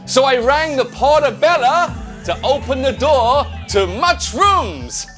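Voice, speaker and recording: Comedy ad bit: man doing a high, bouncy fake-Canadian salesman, pun-heavy. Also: lively intonation, slow, a bit bright, faint music behind, full character voice. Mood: cheesy, upbeat. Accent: put-on Canadian. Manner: corny puns, sing-song sales pitch. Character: male Canadian mushroom supplement salesman, punning and chirpy. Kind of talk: comedy sketch advert.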